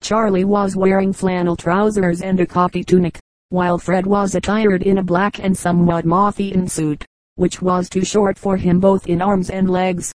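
A woman narrating an adventure novel in a steady, even reading that also voices the dialogue. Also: lowish voice, normal speed, no echo, rough recording. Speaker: audiobook reader. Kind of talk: scripted narration.

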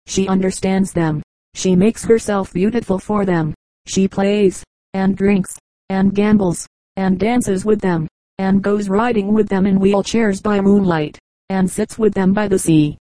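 Brief: woman reader doing a prim, gossipy young lady, disapproving tone, mellow and dry. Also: mid-range voice, no room sound, lightly acted, low-quality recording. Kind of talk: audiobook character reading.

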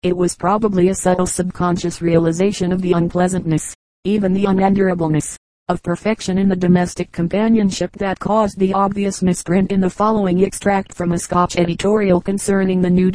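Woman reading anecdotes, mellow tone. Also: lowish voice, no room sound, low-quality recording. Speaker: audiobook reader. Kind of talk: scripted narration of anecdotes.

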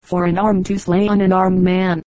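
A woman's voice: lowish voice, little pitch movement, moderate pace, warm tone, no echo, close to an everyday voice, low-quality recording. A woman reading the lines of a stern, righteous male knight in stately archaic speech, in an audiobook reading.

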